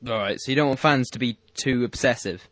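A man's voice: medium pitch, fairly quick, fairly bright tone, dry recording. A seventeen-year-old man from Britain interviewing a host, talking casually with lots of hesitations. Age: teenager, seventeen. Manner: hesitant, filler-heavy. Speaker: interviewer, fan.

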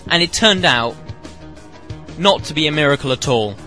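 A man rants his way through a comic radio monologue, mocking and playful. His voice sits high and sounds bright and forceful. Faint music runs behind him. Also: lively intonation, moderate pace. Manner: mocking, breaks into silly high put-on voices. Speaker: radio show host.

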